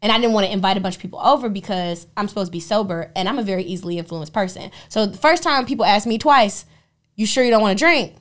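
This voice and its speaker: A young adult woman co-hosting a podcast, telling stories in a lively, profane, casual way. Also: mid-range voice, fast talker, few pauses. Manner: animated, profane storytelling. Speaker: podcast co-host. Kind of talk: casual chat.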